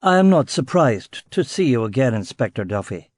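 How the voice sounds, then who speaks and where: A man voicing an older, wealthy veteran soldier who speaks low, quiet and measured. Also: sing-song, breathy edge, no echo, studio quality. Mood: cool.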